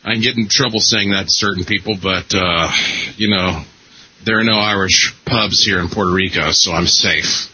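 A man's voice: deep voice, fairly even intonation, moderate pace, pushed and bright, slightly rough, dry recording. A man hosting a radio show, chatting casually and rambling with laughs and restarts. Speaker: radio host. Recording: muffled broadcast audio.

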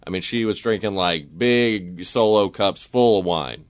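Radio host, man, animated storyteller, dry booth sound. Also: unhurried, no room sound. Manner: lively storyteller, acts out voices with big pitch jumps.

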